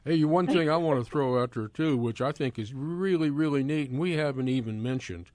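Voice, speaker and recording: A man's voice: mid-range voice, brisk, a little mellow, no echo. A man co-hosting a radio talk show, chatting in an affable, agreeable way. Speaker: radio co-host.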